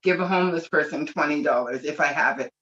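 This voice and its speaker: A woman's voice: low-pitched, quick pace, fairly bright tone. Gushing woman on a lo-fi video call. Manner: gushing, rambling, emotional. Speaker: webinar participant. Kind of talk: emotional video-call testimony. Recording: dull lo-fi call audio.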